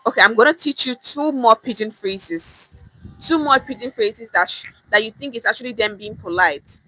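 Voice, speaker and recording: A woman's voice: a little high, moderate pace, sharp tone, no room sound, rough recording. A woman teaching pidgin phrases on a live stream, emphatic and repetitive, often checking in with "okay?", at times out of breath. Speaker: pidgin language coach.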